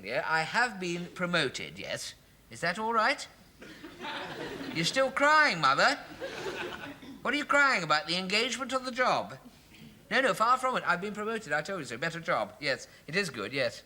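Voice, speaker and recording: An actor playing a fussy, flustered bachelor in a sitcom. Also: male voice, a little high, bright, forceful tone, slight background noise, heavily acted. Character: fussy put-upon young English bachelor. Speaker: office clerk. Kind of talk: sitcom acting.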